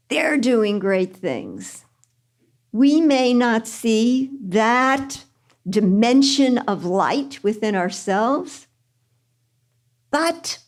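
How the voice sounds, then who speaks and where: An older woman spiritual teacher speaks at an unhurried, deliberate pace, with a slightly raised pitch. She tells a teaching story gently and earnestly and repeats key phrases for emphasis.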